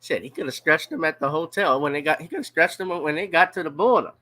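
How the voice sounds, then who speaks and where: A man's voice: a little high, animated, sharp tone, no room sound. A man from Louisiana, giving blunt, profane casual commentary on a news story. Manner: blunt, profane, drawn-out emphasis.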